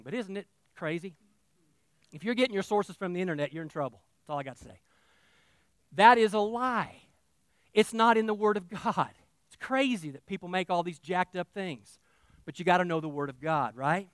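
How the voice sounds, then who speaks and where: A male pastor preaching a sermon, talking straight to his congregation and swinging from quiet asides to loud, emphatic declarations. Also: high voice, no room sound, clean studio sound. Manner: talks directly to the congregation.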